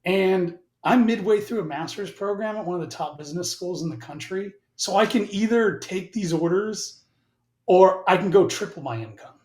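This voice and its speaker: A man in his forties tells a story as a podcast guest, casual and salty, jumping between his own lines and the other person's. His voice sits a little high for a man. The room has a noticeable echo. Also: moderate pace. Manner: animated, profane, mimics both sides of conversations. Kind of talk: casual storytelling with acted-out dialogue. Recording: roomy echo.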